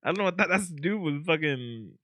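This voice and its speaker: A man's voice: a little high, animated, fast talker, fairly bright tone, no room sound, studio quality. A man co-hosting a podcast, reading facts aloud between bursts of laughter, audibly drunk. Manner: laughing, tipsy, reading from notes. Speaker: podcast co-host. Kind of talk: casual chat. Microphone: close podcast mic, clipping.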